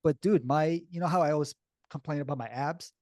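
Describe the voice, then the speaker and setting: A man telling a personal story in a blunt, animated, casual way, swearing freely and sounding shaky and upset as he recalls it. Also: a little high, fairly quick, dry recording, studio quality.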